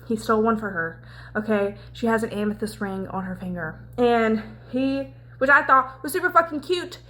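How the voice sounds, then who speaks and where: A young woman chatting casually in a book vlog, animated and swearing freely as she acts out scenes. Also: fairly high pitch. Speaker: book vlogger. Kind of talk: casual chat.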